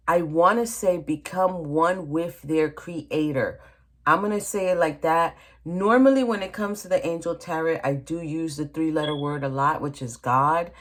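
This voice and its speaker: Low-voiced woman chatting through a tarot reading. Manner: chatty, addresses viewer directly, frequent "okay?" and "honey". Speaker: tarot reader. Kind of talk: casual tarot reading monologue. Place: at a reading table.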